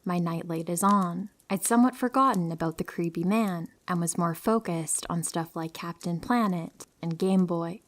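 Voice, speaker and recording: A woman with a slightly low voice reads listener horror stories aloud. Her delivery is calm and soft-spoken. She slips into near-whispers to build dread. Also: moderate pace, hardly any pauses. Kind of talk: scripted narration of horror stories.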